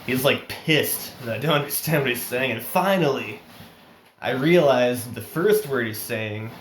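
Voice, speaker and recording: A man's voice: mid-range voice, measured pace, a little hiss or hum. A man telling a story in a casual, rambling way. He chuckles often and restarts his sentences, and his nose is running. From United States. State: runny nose. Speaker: vlogger. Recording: roomy echo.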